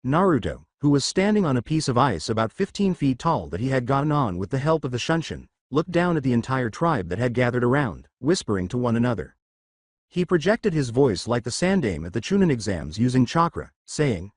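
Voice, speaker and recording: A man's voice: mid-range voice, big pitch swings, brisk, no echo, studio quality. Man narrating a fan story. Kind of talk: scripted narration.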